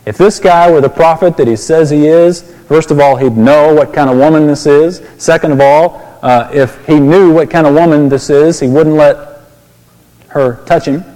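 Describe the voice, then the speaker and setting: A man's voice: a little high, steady tone, moderate pace, dark tone, big-room sound, rough recording. A pastor preaching a sermon, explaining a Bible passage and asking his listeners questions.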